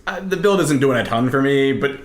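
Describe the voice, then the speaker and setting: A man's voice: medium pitch, a little fast. A man talking casually as a podcast co-host, laid-back and opinionated, with plenty of fillers. His voice sits mid-range, and the recording is echoey. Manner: relaxed, opinionated, uses many likes and fillers. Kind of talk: casual chat.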